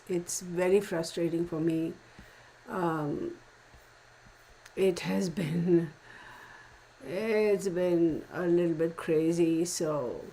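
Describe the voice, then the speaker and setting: Female streamer, casual and rambling, warm mellow voice, calls her viewers y'all. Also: lowish voice, slight background noise, low-quality recording. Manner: frustrated, rambling talk with many restarts. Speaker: tarot channel host greeting live chat viewers. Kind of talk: casual livestream chat.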